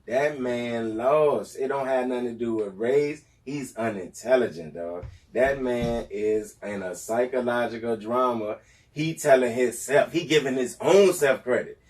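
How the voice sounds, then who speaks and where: Male podcast co-host with a mid-pitched voice and emphatic delivery, slightly off-mic. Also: measured pace, darkish tone, far from the mic. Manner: emphatic commentary, mock-dramatic reactions. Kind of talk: casual chat.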